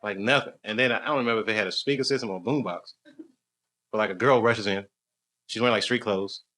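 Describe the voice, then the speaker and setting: A man's voice: fairly low pitch, quick pace, pushed and bright. Rambling male stand-up comic. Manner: rambling, laughs at his own story, banters with the crowd. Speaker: stand-up comedian. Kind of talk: live stand-up storytelling. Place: stage in a comedy club. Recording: live stage recording with noisy audience. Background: audience laughter.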